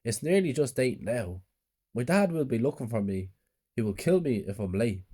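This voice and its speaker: A man's voice: medium pitch, sing-song, moderate pace, dark tone, slightly rough. A man voicing a frightened, lonely young boy in a spoken horror story, in a pleading, tearful way. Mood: anxious.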